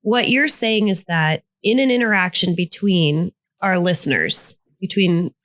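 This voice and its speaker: A middle-aged woman who is a therapist, chatting casually on a podcast, asking clarifying questions and thinking out loud. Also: on the low side, a little slow. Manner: asks probing clarifying questions, thinks aloud. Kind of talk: casual conversational podcast chat.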